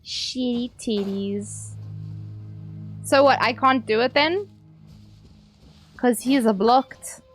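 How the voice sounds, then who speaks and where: A woman with a high voice streams a game, talking to her chat in a loose, playful way and cursing when things go wrong. Faint music plays under her commentary. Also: slow pace, long pauses. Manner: playful, swears freely, talks to chat. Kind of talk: casual gameplay commentary.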